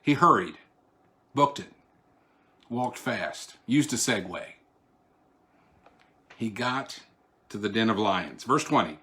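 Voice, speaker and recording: A man's voice: on the low side, lively intonation, slow pace, long pauses, sharp tone. A man, a pastor, teaching a Bible study online in a conversational way, with asides and restarts, raising his voice when he reads scripture. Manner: reads scripture aloud in a raised, declaiming voice.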